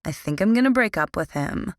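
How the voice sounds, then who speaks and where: A woman's voice: medium pitch, animated, a little fast, no echo, lightly acted. A woman voicing a gossipy, pushy teenage girl who drawls in a confident, sing-song way. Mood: drawling.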